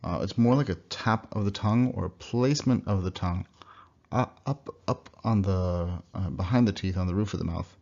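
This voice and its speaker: A young man giving a recorded slide lesson, explaining sounds and repeating example words slowly. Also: deep voice, gravelly, darkish tone. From United States. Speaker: language teacher. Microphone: computer mic. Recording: dull lo-fi computer recording.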